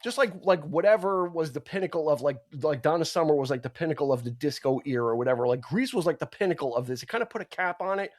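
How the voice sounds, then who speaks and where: A man's voice: a little high, animated, fast, hardly any pauses, no room sound, studio quality. A man co-hosting a podcast, chatting casually about an old film with many restarts and fillers. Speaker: podcast co-host.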